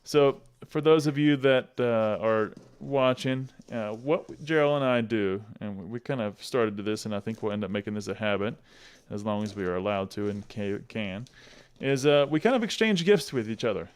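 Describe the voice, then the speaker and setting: A man's voice: lowish voice, normal speed, few pauses, clean tone. A middle-aged man hosting a casual unboxing chat, upbeat and chatty, laughing often. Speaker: channel host.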